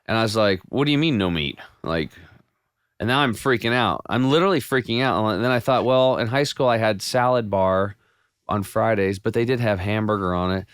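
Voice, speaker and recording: A man guest on a podcast, telling his health story in a casual, animated way with many restarts. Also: fairly low pitch, brisk, clean tone, dry recording, clean studio sound. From United States. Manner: animated storyteller with frequent restarts and quoted self-talk.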